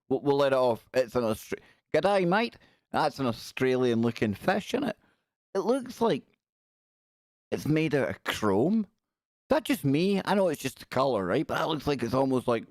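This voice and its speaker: A man's voice: mid-range voice, a little mellow, dry recording, clean studio sound. Jokey man hosting a livestream. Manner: jokey, reacting aloud to pictures with quips. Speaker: livestream host. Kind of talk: casual live-stream commentary.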